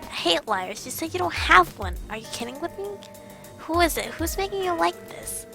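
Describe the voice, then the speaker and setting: A woman's voice: high voice, expressive, fairly quick, fairly bright tone, soft background music. Woman reading as a jealous cat-boy, cold and demanding. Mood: angry. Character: young man who was a cat, jealous and possessive. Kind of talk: visual novel reading.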